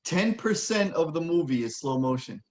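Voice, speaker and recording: A man in a casual movie review chat, relaxed, explaining plot points and trailing off quietly. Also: fairly high pitch, normal speed. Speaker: podcast co-host.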